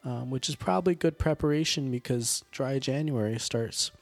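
Hoarse, rambling podcast host man. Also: medium pitch, moderate pace, no echo. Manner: rambling and jokey, many ums and uhs. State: hoarse, sore throat with coughing. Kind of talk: casual podcast sign-off.

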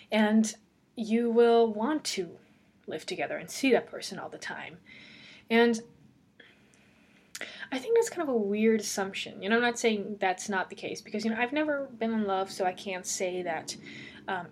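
A woman talks alone on her podcast in a loose, rambling way. She laughs between thoughts and keeps the talk casual. Her voice sits at an ordinary pitch for a woman. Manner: chatty, laughs often, rambling. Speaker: podcast host. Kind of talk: casual solo podcast chat. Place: lives alone in Amsterdam.

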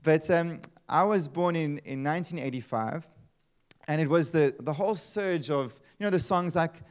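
A man, preaching a sermon in a lively, conversational way with asides and rhetorical questions. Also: fairly high pitch, moderate pace, clear, resonant tone. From South Africa. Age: 30s. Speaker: pastor.

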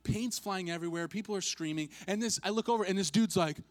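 A man's voice: high-pitched, fast talker. A man preaching a sermon as its pastor, telling a funny personal story with self-mocking humor and acting out what people said.

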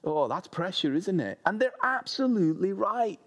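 A man preaching a sermon, reading scripture and telling lively, humorous stories. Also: high voice, moderate pace. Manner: animated, humorous storytelling.

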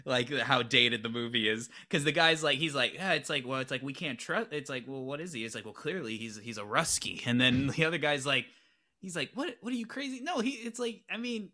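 A man co-hosting a podcast, chatting about a movie in a halting, self-correcting way and laughing easily. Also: mid-range voice, bright, forceful tone. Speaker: podcast co-host. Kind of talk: casual movie discussion.

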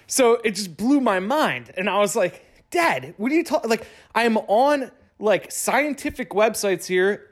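A young man telling a long story in casual speech, excitable and swearing, with lots of "like". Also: fairly high pitch. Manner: swearing, excitable, heavy use of "like".

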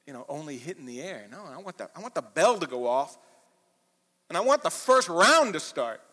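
A man preaching a sermon as pastor, swinging between quiet, low asides and loud, impassioned bursts. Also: big pitch swings, normal speed. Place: church auditorium. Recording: reverberant church hall.

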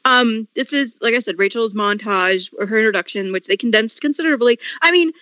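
A woman's voice: a little high, brisk, sharp tone, no echo, dull audio. A woman hosting a podcast in casual chat, giggly and self-deprecating. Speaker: podcast host.

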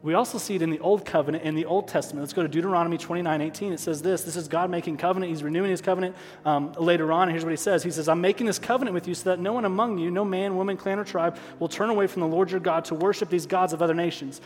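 Male pastor mid-sermon, voice on the higher side, earnest and emotional, repeats lines for weight. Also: steady tone, rapid-fire, few pauses, faint music behind. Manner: emotional, stops to apologize and regroup; repeats key phrases for emphasis. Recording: long hall reverb.

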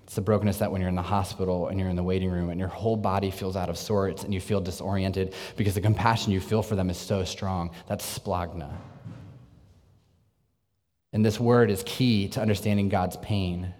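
A man preaching a sermon in an earnest way, moving between lively bursts and hushed, intense passages. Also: deep voice, brisk. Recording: long reverb, echoey hall.

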